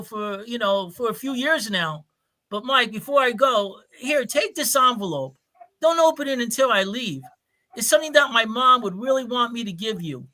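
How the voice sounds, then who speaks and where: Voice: mid-range voice, sharp tone. A performer voicing an earnest young man in an amateur radio drama, speaking heartfelt and hesitant. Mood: tender. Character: earnest young man proposing to his sick girlfriend.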